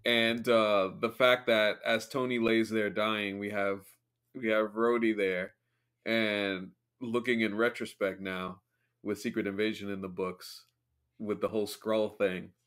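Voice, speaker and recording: A man hosting a podcast, chatting casually, enthusiastic and halting as he restarts his sentences. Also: lowish voice, level tone, fairly bright tone, clear, resonant tone. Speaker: podcast host. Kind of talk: casual chat.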